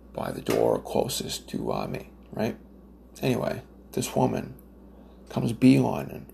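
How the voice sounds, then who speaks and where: A man's voice: medium pitch, creaky, darkish tone, slight background noise. A man from Nova Scotia, Canada, ranting in a casual, profane, rambling monologue with lots of fillers and restarts. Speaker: smoker telling stories.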